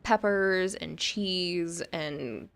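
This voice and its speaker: A woman with a slightly low voice, chatting casually as a livestreamer. She rambles from one thought to the next while gaming and answering her chat. She laughs often. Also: drawn-out words, gravelly, a bit bright.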